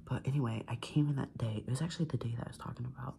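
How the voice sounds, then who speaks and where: A man's voice: mid-range voice, very fast, vocal fry, mellow, a little hiss or hum. A young man in his twenties whispering an ASMR vent while doing his makeup, chatty, swearing and full of "like". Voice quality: mostly unvoiced whisper. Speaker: ASMR creator.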